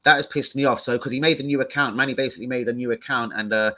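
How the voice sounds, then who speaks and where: A man hosting a football fan livestream, talking in an excitable, sweary, rambling way. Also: mid-range voice, racing. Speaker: host of a football fan show. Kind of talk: casual livestream chat.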